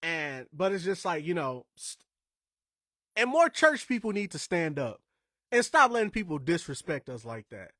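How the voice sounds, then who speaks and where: Male podcast host from Indiana, casual and emphatic, slightly high voice, dry studio sound. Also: sing-song, moderate pace, bright, forceful tone, no room sound. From Indiana, USA. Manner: emphatic, conversational, wandering asides.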